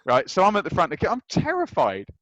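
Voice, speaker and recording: A man in his thirties, a guest telling anecdotes in an animated way and acting out the lines of the people in them. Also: sits high, fast talker, dry recording, dull audio. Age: 30s. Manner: animated, acts out quoted lines. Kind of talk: anecdotal storytelling.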